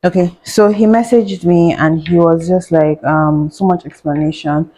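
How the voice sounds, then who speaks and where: A young woman who is a doctor and vlogger tells a story while cooking, sarcastic and chatty, laughing and muttering to herself. Her voice is lowish and mellow, with a steady tone and an unhurried pace. The audio quality is poor.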